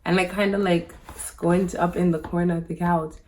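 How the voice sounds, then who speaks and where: Speaking straight to her audience, this woman vlogger shares a personal story casually, dropping "like" into almost every phrase. Her voice sits on the low side, slightly mellow and fairly monotone, at a moderate pace, with a bit of background noise.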